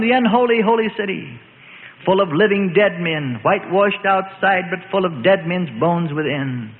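A man narrating a Bible story in a dramatic preaching cadence, with emphatic lists, on a tinny, echoing recording. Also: sits high. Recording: tinny phone-like line with long reverb.

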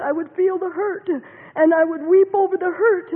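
Woman, very high voice, church testimony, tearful and laughing, voice recovering after being lost, tinny lo-fi sound, long reverb. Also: fairly even intonation, moderate pace. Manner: emotional, voice breaking into tears and laughter. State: recovering from voice loss.

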